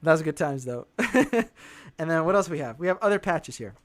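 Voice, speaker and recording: A man hosting a casual music livestream, chatting in a relaxed, rambling way and interrupting himself as he adjusts his pedals. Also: on the high side, normal speed. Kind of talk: casual livestream chat between song demos. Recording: loud music under the voice. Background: guitar playing.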